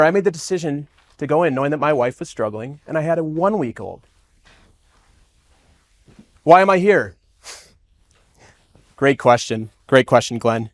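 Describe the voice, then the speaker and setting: A man's voice: medium pitch, no room sound. A man who works as a coach gives a keynote speech to a live audience. He tells a personal story in a conversational way, with self-deprecating humor, and acts out his own past thoughts. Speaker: coach giving a keynote talk. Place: event stage before a live audience.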